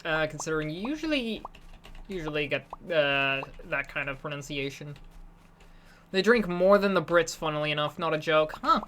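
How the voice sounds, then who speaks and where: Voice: mid-range voice, animated, brisk, fairly bright tone, a little hiss or hum. A streamer with a slight British accent chatting casually while playing a game live, answering chat and often restarting sentences.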